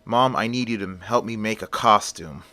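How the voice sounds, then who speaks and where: This is a fed-up young scientist in his twenties, snapping back and then gushing with excitement, as a storyteller puts him on. The voice is low-pitched but bright and forceful. It sounds like a homemade storybook retelling. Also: normal speed. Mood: calm. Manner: resentful, shouting back. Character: angry young male scientist turned hero.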